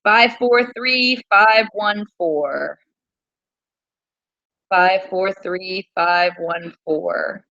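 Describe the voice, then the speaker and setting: A woman teacher hosting a casual quiz livestream from her small home, chatty and repeating things slowly. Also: medium pitch, bright, forceful tone, no echo, dull audio.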